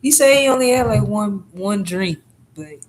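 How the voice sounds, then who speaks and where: A woman's voice: medium pitch, animated, moderate pace, slight background noise, rough recording. A woman vlogger telling rambling, profane stories in a casual monologue, often asking "you know what I'm saying".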